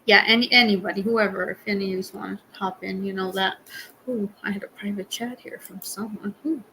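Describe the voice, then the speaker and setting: A woman's voice: medium pitch, fairly even intonation, a little fast, sharp tone, a little hiss or hum, poor audio. A woman hosting a live stream, chatting casually with viewers in a rambling way and laughing often. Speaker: livestream host.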